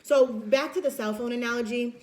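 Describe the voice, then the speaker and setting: Lecturer woman with a higher-pitched voice, chatty and informal, acts out examples for students. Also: fairly even intonation, a little fast, a little mellow. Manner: chatty, acts out examples, many fillers and restarts. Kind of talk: casual recorded lecture.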